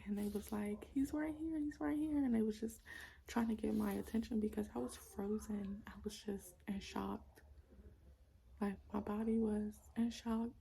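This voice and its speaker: Young mom vlogging at home, talks soft n kinda whispery, lotta "like", raspy fry in her voice. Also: medium pitch, a little hiss or hum. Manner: soft, often half-whispered, lots of "like". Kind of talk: casual personal storytelling. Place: at home with her small children.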